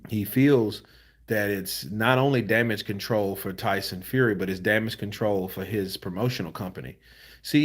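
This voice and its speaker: A tired man hosting boxing commentary, reading viewer comments in a loose, slangy, laid-back way. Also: sits low. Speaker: host of a boxing news channel.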